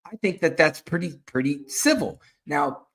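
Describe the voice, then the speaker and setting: A man's voice: a little high, lively intonation, normal speed, a bit bright. A man giving blunt, opinionated political commentary as host, emphatic and often restarting his words.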